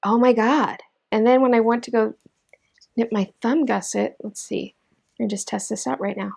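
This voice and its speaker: A woman's voice: on the high side, steady tone, normal speed, creaky, a little mellow. A woman hosting a knitting video, chatting casually while she demonstrates, enthusiastic and gushing with frequent exclamations.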